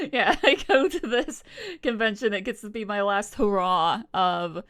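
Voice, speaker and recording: A woman's voice: mid-range voice, slow, a bit bright. A young adult woman streamer chatting casually, rambling with frequent swearing and laughter. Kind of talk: casual live-stream chat.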